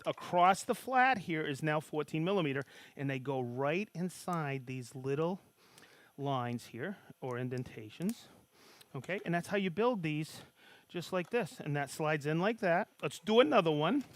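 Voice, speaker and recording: A man giving a live woodworking tool demonstration, excitable and folksy, often checking in with "okay?" and calling out greetings to viewers. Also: fairly high pitch, moderate pace.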